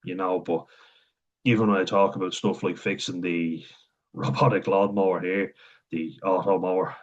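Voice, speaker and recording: A man's voice: low voice, steady tone, moderate pace. A young Irish man with a Wexford accent, rambling frankly in a personal vlog monologue, swearing freely and laughing between thoughts. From Ireland. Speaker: vlogger. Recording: dull lo-fi sound.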